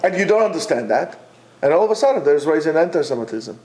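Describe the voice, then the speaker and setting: Male Torah teacher with a high voice, rhetorical and insistent, informal class delivery. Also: sing-song, fast talker, a little mellow. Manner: emphatic, rhetorical, repeats points; talks directly to absent listeners.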